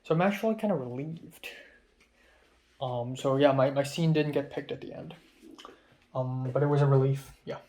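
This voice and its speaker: A man's voice: mid-range voice, normal speed, pauses often, mellow. A young man from Hong Kong talking through his day in a rambling, casual diary vlog, full of fillers. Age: young adult. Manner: rambling, chatty, many fillers. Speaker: film student vlogger.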